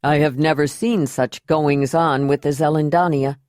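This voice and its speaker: A woman voicing a steady male leader who speaks calmly and firmly. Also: sits low, normal speed, no room sound, clean studio sound, natural voice. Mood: concerned. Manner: calm, reasoned and commanding. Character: steady male clan leader, calm and firm.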